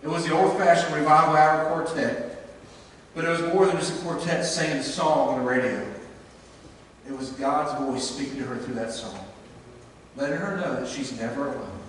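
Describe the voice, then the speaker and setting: High-voiced preacher in an echoing sanctuary. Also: male voice, normal speed, a little hiss or hum. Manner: earnest storytelling preacher, swinging between emphatic and hushed. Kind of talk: sermon. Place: church sanctuary. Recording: echoey church hall, mic at a distance.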